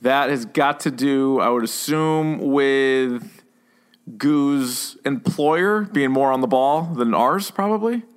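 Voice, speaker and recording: A man's voice: mid-range voice, takes it slowly, smooth. A man co-hosting a podcast, ranting in casual banter with mock outrage and frequent swearing. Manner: indignant, profane, mock-outraged. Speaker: podcast co-host.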